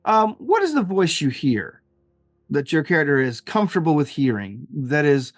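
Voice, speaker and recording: A man's voice: a little high, big pitch swings, moderate pace, no room sound. A man narrating as game master of a tabletop game, rambling with fillers and frequent laughs.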